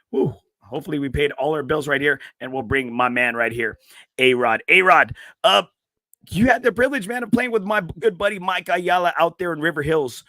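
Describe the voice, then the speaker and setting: Laid-back Texan podcast host, bright voice. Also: male voice, a little high, dry recording. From South Texas. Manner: laid-back, rambling with fillers. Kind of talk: casual chat.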